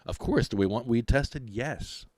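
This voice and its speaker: A middle-aged man, hosting a podcast and ranting in a mocking, animated way. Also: mid-range voice, a little slow, dry recording, studio quality. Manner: animated, mocking, laughs often. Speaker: podcast host.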